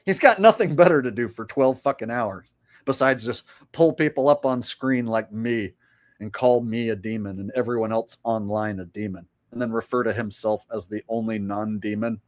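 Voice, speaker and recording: A man's voice: lowish voice, moderate pace. A man hosting his own livestream, ranting casually and rambling with frequent swearing. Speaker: livestream host.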